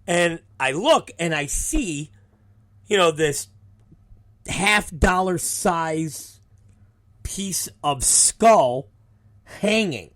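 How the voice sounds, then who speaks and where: Animated, profane male show host. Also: on the high side, slow pace. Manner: animated, profane, acts out the people in his stories. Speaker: show host, wrestling promoter. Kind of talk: casual storytelling.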